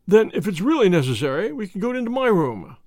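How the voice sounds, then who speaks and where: A man reading the part of a huffy older country gentleman who speaks tartly. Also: high-pitched, sing-song, fast talker, no room sound, studio quality, voice pushed up. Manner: tart.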